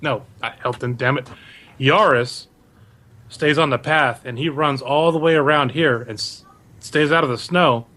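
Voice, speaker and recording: A man's voice: mid-range voice, unhurried, sharp tone. A man narrating as game master of a tabletop game, loose and rambling, stumbling over names.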